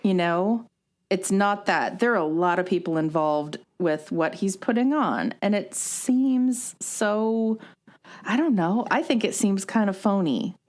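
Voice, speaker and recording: Woman, podcast co-host, slow relaxed pace, laughs easily, casual chat. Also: medium pitch. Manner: laughing, quick reactions.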